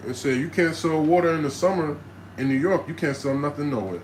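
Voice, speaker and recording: Animated streetwise man telling his life story. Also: on the high side, a little fast, a little hiss or hum, low-quality recording. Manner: streetwise, animated storyteller who acts out voices and cusses freely. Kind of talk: casual storytelling monologue.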